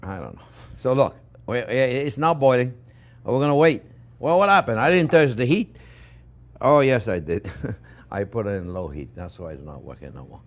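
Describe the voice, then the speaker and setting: A man's voice: mid-range voice, very animated, normal speed. A man with a French accent, a chef giving a chatty cooking demonstration in a kitchen, repeating himself and talking to viewers as friends.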